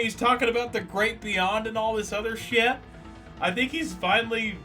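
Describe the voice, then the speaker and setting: A man's voice: sits high, normal speed, sharp tone, faint music behind. A man casually commentating a game on a live stream, joking and teasing a viewer.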